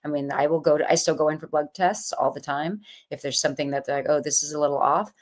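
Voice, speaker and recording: Brief: woman guest, low voice, lively anecdote teller in an interview. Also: fast talker. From California. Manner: animated storyteller, acts out quoted voices. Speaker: author and guest. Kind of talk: casual interview storytelling.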